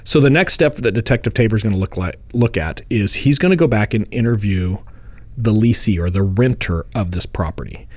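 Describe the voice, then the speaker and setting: A man's voice: fairly low pitch, lively intonation, brisk, a little mellow, no echo. A man co-hosting a true crime podcast, telling the case in a casual, storytelling way and chuckling often. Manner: storytelling, acts out quotes in funny voices. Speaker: podcast co-host.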